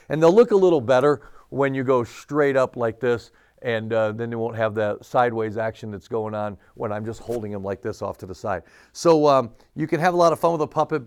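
A man with a medium-pitched, somewhat dark voice leads a church puppet ministry. He gives a casual, hands-on puppet lesson as an instructional demo, chatty and full of fillers.

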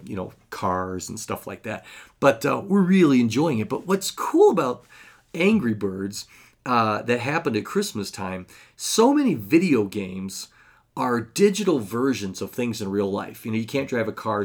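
A man in his thirties hosting a podcast, talking in a casual, rambling way with many fillers. He sounds chatty, enthusiastic and self-deprecating. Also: on the low side. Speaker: podcast host.

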